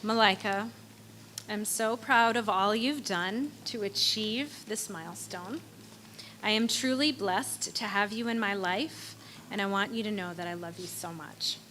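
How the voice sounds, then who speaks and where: A mother reads her prepared blessing aloud with tender, heartfelt warmth. Her voice sits at an ordinary middle pitch. A faint background hum runs under the speech. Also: a little slow, rough recording. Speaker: parent giving a blessing. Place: ceremony venue.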